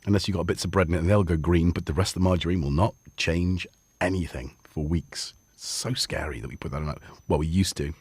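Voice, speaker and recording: A man's voice: low voice, a little fast, breathy edge, no echo. A man hosting a casual livestream chat from a home studio, playful and joking with the viewers. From Scotland. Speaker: livestream host. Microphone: studio dynamic mic.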